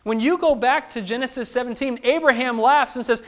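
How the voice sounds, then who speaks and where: A man's voice: very high voice, a little fast. A man preaching a sermon, who asks the listeners questions and acts out the lines of the people he quotes.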